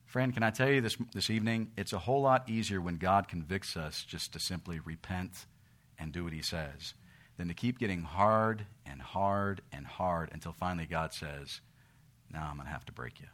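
A male preacher delivers an impassioned sermon with a bright, forceful edge. His voice sits fairly low. He surges into loud emphasis, then drops to hushed tones when quoting others. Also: moderate pace. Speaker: pastor.

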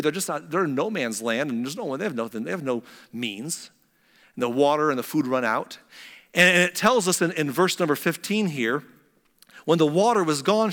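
Man preaching in a reverberant hall. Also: on the high side. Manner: storytelling with dramatic swings between loud and hushed. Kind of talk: sermon.

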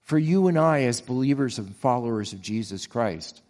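A man delivers a sermon in an earnest, steady voice. He asks the listeners pointed rhetorical questions and often restarts his words mid-phrase. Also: mid-range voice, normal speed, long reverb tail. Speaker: pastor.

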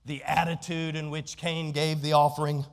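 A man's voice: on the high side, level tone, moderate pace, gravelly. A man preaching a sermon as pastor, emphatic and repeating his key phrases. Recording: long hall reverb.

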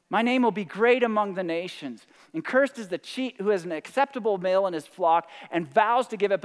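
A man preaches with a high, bright voice and acts out quoted words with rising intensity. His sermon rings out in a large hall with a long trailing reverb. The delivery is animated and emphatic. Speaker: pastor.

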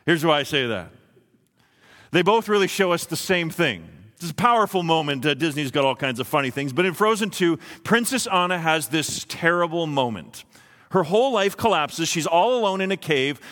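Pastor preaching in a reverberant church. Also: male voice, fairly high pitch. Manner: shifts from hushed, slow reflection to quick, rising intensity. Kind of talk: sermon. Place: church sanctuary.

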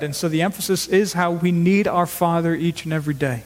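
A man's voice: sits high, quick pace, hardly any pauses. A man preaching a sermon as pastor, speaking earnestly and emphatically and often repeating words for stress. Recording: long hall reverb.

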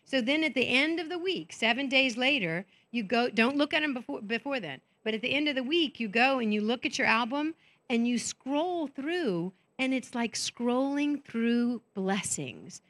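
A woman's voice: a little high, moderate pace. A middle-aged woman speaking at a faith conference, talking conversationally and acting out the voices in her own head. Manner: animated, conversational, acts out inner voices. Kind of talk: motivational faith talk to an audience. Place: conference stage.

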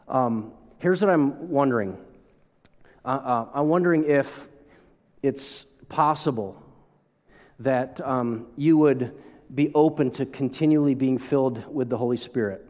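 A middle-aged man preaching a sermon as pastor, animated, with joking asides and frequent restarts. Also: mid-range voice, measured pace. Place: church sanctuary. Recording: long hall reverb.

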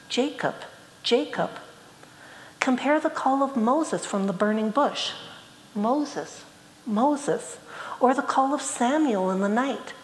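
A woman preaching a sermon, speaking earnestly and quoting scripture with rising emphasis. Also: fairly high pitch. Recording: echoey hall, faint ambience.

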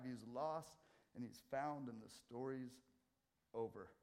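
A middle-aged man preaching a sermon in a church, swinging from loud scripture readings to quiet asides. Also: medium pitch. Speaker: pastor. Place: church sanctuary.

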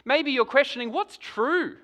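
A male preacher talks through his sermon in a relaxed, conversational way. His voice sits high and sounds bright and forward. He keeps posing questions straight to the congregation. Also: measured pace. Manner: conversational, asks many rhetorical questions.

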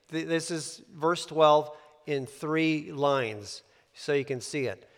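A man's voice: fairly high pitch, in a large hall. A man giving a sermon, explaining scripture in a conversational way with occasional fillers and restarts. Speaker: pastor.

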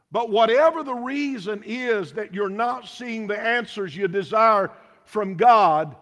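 Man preaching in a church, high voice, lots of rhetorical questions, long echoey reverb. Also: fairly bright tone. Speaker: pastor. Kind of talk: sermon.

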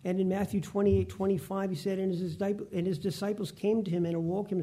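A man preaching a Bible lesson, reading scripture aloud slowly and deliberately. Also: high-pitched, little pitch movement, mellow. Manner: reads verses slowly and deliberately, with restarts.

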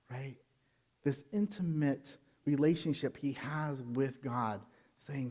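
A man reading a Bible passage in a quiet voice, then preaching a sermon and building to emphatic, intense moments. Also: on the high side, measured pace. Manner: reads scripture softly, then preaches with rising intensity. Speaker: pastor.

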